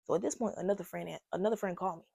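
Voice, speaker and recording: A young woman telling a casual storytime to her viewers, animated and slangy, talking straight to the camera. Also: on the low side, rapid-fire, creaky, breathy edge, no echo, clean studio sound. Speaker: vlogger. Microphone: own microphone.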